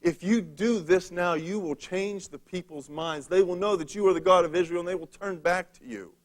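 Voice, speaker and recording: A man's voice: high-pitched, moderate pace, natural voice. A man playing the prophet Elijah in a sermon retelling, speaking in brash, taunting, casual modern phrasing. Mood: pleading. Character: bold, mocking male prophet Elijah.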